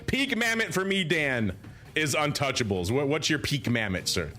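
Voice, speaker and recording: Animated, digressive male podcast host. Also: on the high side, normal speed, soft background music. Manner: animated, digressive, quotes movie lines. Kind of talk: casual podcast banter.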